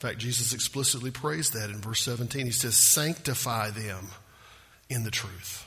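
A man's voice: medium pitch, moderate pace, sharp tone, husky, long reverb tail. A man preaching a sermon, earnest and emphatic, asking rhetorical questions. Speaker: pastor.

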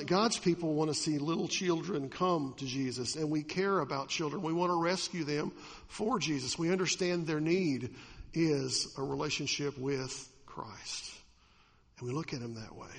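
A pastor preaching a sermon, swinging from loud emphatic peaks to quiet asides and asking his listeners questions. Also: on the high side, husky, in a large hall. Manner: asks the audience questions.

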